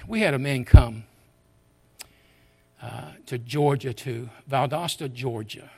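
An older man shares a memory from the pulpit, earnest and conversational. He often restarts his phrases as he tells his story, in a mid-range voice. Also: medium pitch. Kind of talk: personal storytelling.

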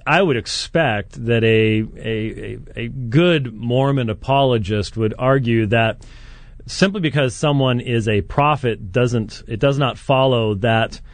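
A man hosts a call-in radio program, talking in a halting way with frequent restarts and quick chuckles. His voice sits at an ordinary pitch. The studio sound is close and dry, with no room echo. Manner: halting, many restarts and fillers, chuckles often. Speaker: radio show host.

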